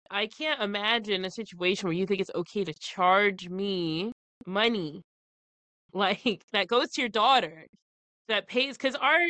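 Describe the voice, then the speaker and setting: A woman's voice: mid-range voice, bright, forceful tone, no room sound. A woman in her thirties co-hosting a podcast, animatedly retelling a story with quoted dialogue and frequent laughs. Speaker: podcast co-host. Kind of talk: casual chat, storytelling.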